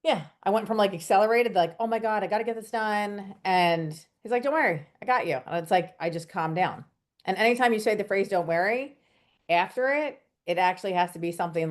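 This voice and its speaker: A woman from Pennsylvania casually telling a story, animated and acting out dialogue. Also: on the low side. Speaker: co-host coach.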